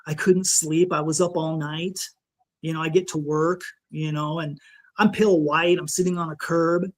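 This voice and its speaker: On a podcast, a male guest retells a scary thing that happened to him, his voice on the high side and level in tone. The shaken, emotional account stumbles along with restarts and repeated "you know".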